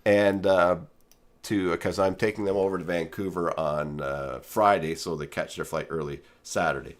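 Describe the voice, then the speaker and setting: A man's voice: deep voice, fairly even intonation, normal speed. A man hosting a casual live stream from his studio, talking in a rambling way with many fillers and restarts. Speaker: host. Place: home studio.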